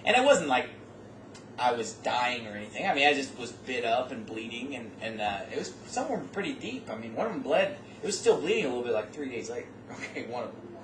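A man telling a personal story in a loose, animated way, often restarting and correcting himself mid-sentence. His voice sits back from the microphone in a room with a noticeable echo. A faint background hum runs under his speech. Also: medium pitch, fairly quick. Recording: roomy, distant mic, faint background noise.

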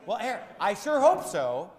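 Emphatic high-voiced man preaching in echoey hall. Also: big pitch swings, moderate pace, a little mellow. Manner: rhetorical questions, repetitive emphatic cadence. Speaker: pastor. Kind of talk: sermon.

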